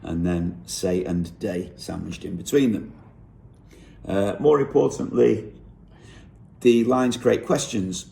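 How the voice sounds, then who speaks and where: A songwriter explaining how he wrote a song lyric. He thinks aloud in an unhurried way and often corrects himself. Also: lowish voice, gravelly, warm tone.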